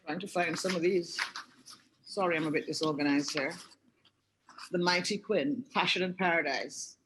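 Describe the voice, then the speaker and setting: A woman's voice: low voice, rough recording. A Jamaican woman in her sixties, an art director telling stories on a webinar video call in a chatty way, often restarting her sentences. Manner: chatty storytelling with frequent restarts. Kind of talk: anecdotal webinar talk.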